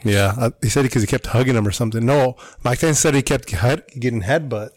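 A man co-hosting a casual podcast chat, relaxed and matter-of-fact. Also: mid-range voice, fast, dry recording, studio quality. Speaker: podcast co-host.

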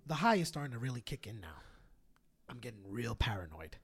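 A young man co-hosting a podcast, telling a story in casual chat, animated and swearing, often laughing. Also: mid-range voice, fairly quick, slightly rough. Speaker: podcast co-host.

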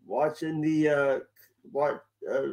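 A man guesting on a live stream, talking casually and haltingly. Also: a little high, steady tone, a little mellow. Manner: hesitant and halting. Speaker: guest podcaster. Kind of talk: casual chat.

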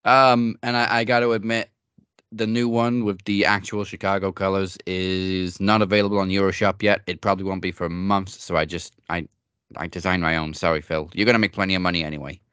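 A man's voice: sits low, level tone, a little fast, a bit bright, clear, resonant tone, dry recording. A man co-hosting a wrestling podcast in casual chat, laid-back and joking. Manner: laid-back, joking, with frequent fillers and laughs. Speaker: podcast co-host.

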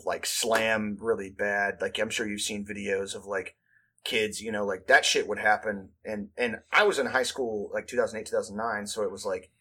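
A man's voice: fairly low pitch, bright, forceful tone, husky. A man around thirty telling rambling, profane school stories in casual chat, full of "like" fillers and acted-out quotes.

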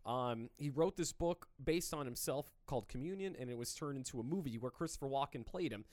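A man's voice: medium pitch, animated, brisk, a little mellow, dry recording, clean studio sound. A man hosting a podcast in loose, joking casual chat, swearing freely. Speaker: podcast host.

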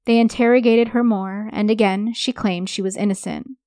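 A woman giving a measured, scripted narration of a historical crime story. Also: mid-range voice, steady tone, darkish tone, no echo, clean studio sound.

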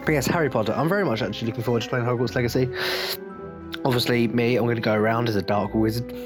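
A man's voice: medium pitch, rapid-fire, over music. Blunt, swearing English man ranting. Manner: blunt, jokey, swearing freely. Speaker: podcast host. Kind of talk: casual rant.

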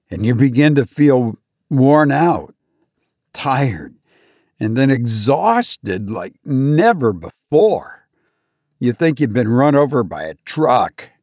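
Male podcast host, unhurried and halting, repeats himself as he tells a story, dead-dry mic. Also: mid-range voice, breathy edge, no echo. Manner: halting, repeats words, rises when acting out panic. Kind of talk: personal story told to listeners.

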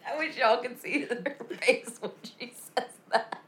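A woman, co-hosting a casual podcast, reacting with outraged comments and quick interjections. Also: fairly high pitch, fairly bright tone, slight background noise. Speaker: podcast co-host.

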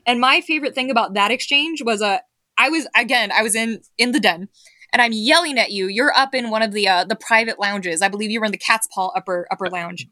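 Casual guest, woman, crisp dry sound, animated storyteller. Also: a little high, brisk, no room sound. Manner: animated, acts out quotes with laughter.

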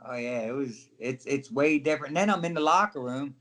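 A man's voice: medium pitch, fairly quick, fairly bright tone. A middle-aged man, a former wrestler, telling stories in a casual interview and acting out other people's voices as he goes.

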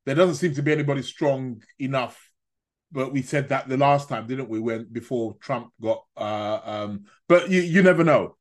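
A man's voice: mid-range voice, normal speed. A man hosting a casual live stream, rambling, stammering through restarts and chuckling at his own remarks. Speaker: astrology live-stream host.

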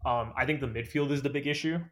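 A man's voice: mid-range voice, fast, a bit bright. A man chatting casually as a podcast guest, hedging often with fillers and "I think". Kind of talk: casual chat.

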